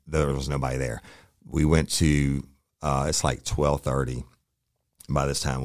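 A middle-aged man from Louisiana, telling a past case as a podcast host in an animated, profane way. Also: extremely low pitch, no echo, studio quality. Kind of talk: casual storytelling.

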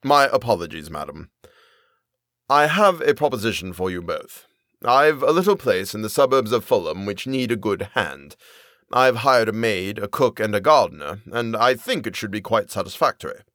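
A man playing a smooth, polite uncle. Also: lowish voice, animated, normal speed, a bit bright, dry recording, clean studio sound. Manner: polite, benevolent, smiling. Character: smooth, falsely kind middle-aged uncle.

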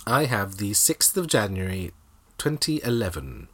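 Lively, giggly male podcast co-host. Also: on the low side, a little slow. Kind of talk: comedic casual chat.

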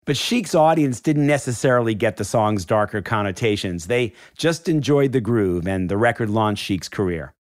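A man giving scripted documentary narration in a measured, explanatory way. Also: fairly low pitch, animated, no echo, clean studio sound.

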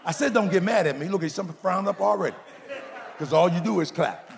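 A man's voice: high voice, fast, gravelly, big-room sound. A middle-aged male pastor preaching a sermon, telling playful stories and calling out to the congregation. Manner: folksy preacher, playful storytelling, calls out to the congregation.

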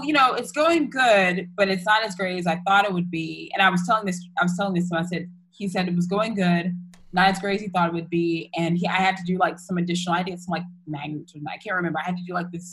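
A woman's voice: on the low side, a bit bright, slightly rough, low-quality recording. A young woman candidly retelling a personal story in casual chat, full of fillers and restarts.

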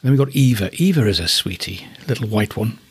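Husky-voiced man from northeast England. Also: fairly low pitch, animated, a little fast, dry recording. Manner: chatty and affectionate, thinking aloud. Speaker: alpaca keeper. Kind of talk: casual spoken commentary.

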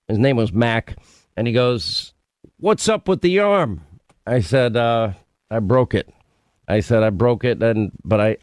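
A man's voice: lowish voice, a little mellow, no echo, studio quality. A middle-aged man hosting a radio talk show, telling stories casually and breaking in with questions. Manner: conversational storytelling, interrupting with questions.

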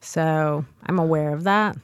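A woman comedian with a slightly low voice answers questions in a dry, deadpan manner. She sounds close to the mic with no room echo. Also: a little slow, smooth. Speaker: comedian guest. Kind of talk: casual interview chat.

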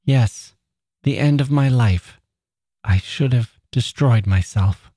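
A man voicing a frail, proud woman writer who speaks humbly and gently but will not yield. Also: medium pitch, takes it slowly, no echo, clean studio sound. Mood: gentle, earnest.

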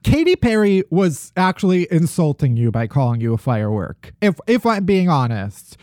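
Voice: medium pitch, big pitch swings, moderate pace, few pauses, a little mellow, dry recording, clean studio sound. A podcast host with a Midwestern American accent, talking in a sarcastic, ranting way about odd news. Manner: sarcastic, ranting, lots of restarts. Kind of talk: casual comedic news chat.

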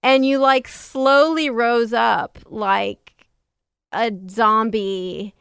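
A woman's voice: fairly high pitch, steady tone, extremely slow, vocal fry, fairly bright tone, clear, resonant tone, no room sound, studio quality. A woman hosting a podcast, chatting in a teasing, playful way and laughing often. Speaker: podcast host. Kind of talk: casual chat.

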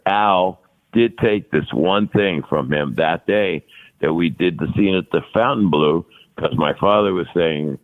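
Deep-voiced man in his sixties, phone-like sound. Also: gravelly. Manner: rambling, with many restarts and chuckles. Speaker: guest actor. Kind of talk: casual storytelling.

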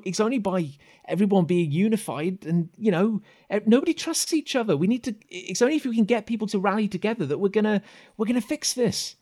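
A man voicing an earnest young boy who pleads in quick, breathless bursts. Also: sits high, mellow, voice pushed up.

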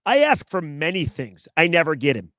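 A man's voice: on the high side, big pitch swings, moderate pace, pushed and bright, no echo. A man hosting a sports talk show, delivering a sarcastic, self-mocking monologue outdoors in his backyard and talking straight to his listeners. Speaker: sports radio host.

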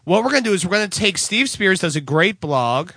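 A man with a high, very animated voice rambles excitedly through a casual podcast chat, tripping over his own words. His tone is bright and pushy, recorded close and dry with no room sound. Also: a little fast, no room sound. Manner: excitable, rambling, stammering pitchman. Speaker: podcast co-host.

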